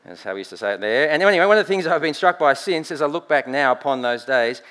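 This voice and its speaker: An Australian man preaching a sermon with lively swings between loud emphasis and quiet asides, often checking in with "right?". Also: on the high side, fast.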